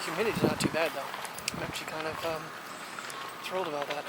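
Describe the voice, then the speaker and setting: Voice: medium pitch, fairly even intonation, brisk. A daily vlogger chatting casually while walking a puppy outdoors, talking playfully to the dog, recorded on a phone camera. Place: outdoors in a breezy park playground. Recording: outdoor recording with clear background noise. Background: wind and leaves, passing vehicles.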